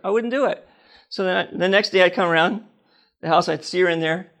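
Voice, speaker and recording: A man's voice: high-pitched, fairly quick, creaky, fairly bright tone. An older man preaching a personal testimony, telling stories with laughter and acting out the dialogue.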